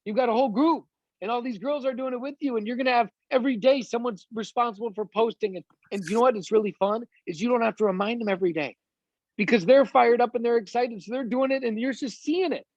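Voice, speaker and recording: A man's voice: very high voice, fast talker, no room sound, highs cut off. A man coaching a sales team on a video call, talking eagerly and rambling with lots of fillers.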